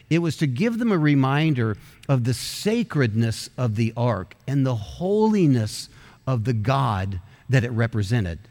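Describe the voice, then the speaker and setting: A middle-aged man preaching a sermon as pastor, telling a story with quick asides and slowing down for emphatic phrases. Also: medium pitch, a little mellow, in a large hall.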